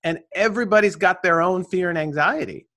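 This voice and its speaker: A male guest in an interview who delivers life advice with a coach's energy, leaning on constant rhetorical "right?" checks. His voice sits a little higher than most men's. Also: brisk. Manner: energetic, preachy, tag questions. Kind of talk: motivational conversation.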